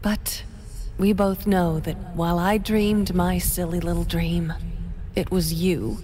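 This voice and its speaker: A woman voicing the wife of an obsessed painter in a video game, speaking slowly and reproachfully. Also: on the low side, level tone, warm tone, slight background noise. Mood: bitter, wistful. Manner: slow, wounded and reproachful.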